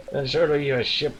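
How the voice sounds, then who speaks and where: A man's voice: fairly high pitch, noisy background, voice pushed up. A man doing a pompous old pirate captain. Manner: slow, pompous pirate drawl. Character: boastful grand old male pirate captain.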